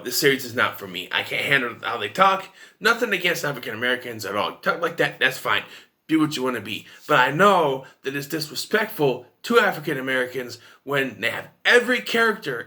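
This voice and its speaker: A man with a very bright, sharp voice talks through a film review in a loose, rambling way. He is openly opinionated, his pitch sits a little high and swings widely as he makes his points. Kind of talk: casual video review.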